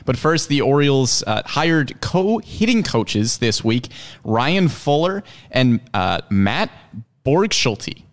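A man's voice: medium pitch, sing-song, slow. A man hosting a sports podcast, chatting casually and teasing his co-host in dry banter.

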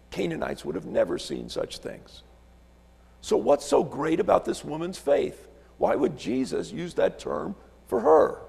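A man's voice: on the high side, creaky, darkish tone, slightly rough, long reverb tail. A man preaching a sermon as a visiting pastor from Alaska, telling stories, repeating words and asking rhetorical questions in a church sanctuary.

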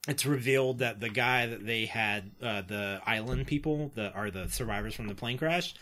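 A podcast co-host rambling casually through a TV plot, packing his talk with "like" and quick laughs. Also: mid-range voice, pushed and bright. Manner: rambling, filler-heavy retelling with frequent "like" and laughs. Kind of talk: casual chat.

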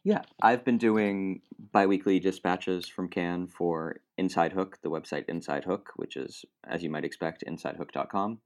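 Male critic guest, very deep voice, casual rambling analysis. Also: moderate pace, hardly any pauses. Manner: thoughtful, rambling with restarts and asides. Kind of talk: conversational film criticism.

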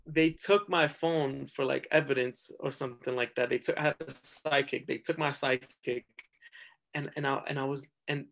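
A man's voice: medium pitch, creaky. A man, a podcast guest telling a story casually, rambling and leaning heavily on filler words. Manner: rambling, heavy use of "like", lively retelling.

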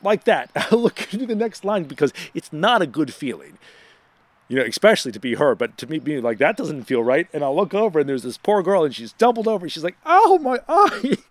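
A man hosting a casual radio show, telling a funny personal story in a lively, self-deprecating way. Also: fairly quick, no echo. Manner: animated, self-deprecating, rises in pitch when excited.

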